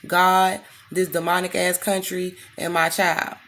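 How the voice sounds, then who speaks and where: A woman from the United States vents in a blunt, profane, heated monologue to her audience. Her voice is low and gravelly with a rough edge of fry, and she pushes every point hard. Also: little pitch movement, a little slow, a bit bright. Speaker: vlogger. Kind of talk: impassioned direct-to-camera rant.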